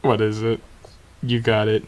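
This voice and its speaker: A young man in casual chat as a podcast co-host, rambling and animated, restarting sentences as he retells scenes. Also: fairly low pitch, a little slow. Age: young adult.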